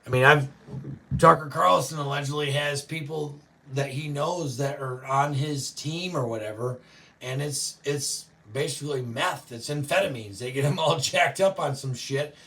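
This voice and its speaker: A man hosting a show, ranting profanely and yelling often, reacting to live chat. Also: a little high, moderate pace, creaky, distant mic. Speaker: show host. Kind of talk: political rant to live chat.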